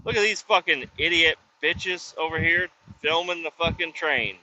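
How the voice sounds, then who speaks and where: A man's voice: a little high, moderate pace, pushed and bright, a little hiss or hum. A man who works roadside service, telling rambling, profane stories in a casual vlog. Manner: profane, loose, drifting between stories. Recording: dull lo-fi sound with faint background ambience.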